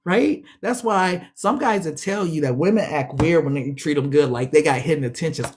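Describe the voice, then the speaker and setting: A tarot reader gives a casual, slangy reading, speaking directly to her listeners and sounding slightly stuffed up. Her voice is low, dark and a bit breathy, moving at a moderate pace with hardly any pauses.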